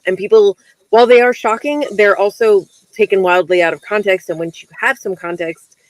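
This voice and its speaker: A woman author and book coach in casual livestream chat, explaining things in a relaxed way. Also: medium pitch, moderate pace, dry recording, poor audio.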